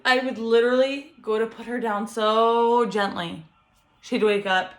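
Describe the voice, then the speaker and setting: A young first-time mom vlogs to camera from her bedroom at home, lit by a ring light, speaking earnestly and encouragingly and laughing often. Her voice is a little high, with fairly even intonation and a moderate pace.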